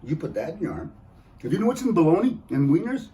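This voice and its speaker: A man performs a joking stand-up set in an event hall, frequently slipping into teasing mock voices. His voice is highish, sing-song, fast and mellow, heard from a distance in an echoey room.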